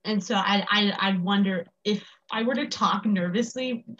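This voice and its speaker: Husky, muffled American teen girl. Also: mid-range voice, normal speed, fairly bright tone. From United States. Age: teens. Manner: rambling, many restarts and fillers. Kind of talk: casual chat. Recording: dull lo-fi sound.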